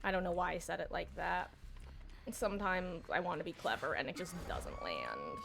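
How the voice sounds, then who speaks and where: A woman streaming a game live, chatting casually with viewers, self-mocking and breaking into excited bursts. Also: lowish voice, moderate pace, vocal fry, slight background noise.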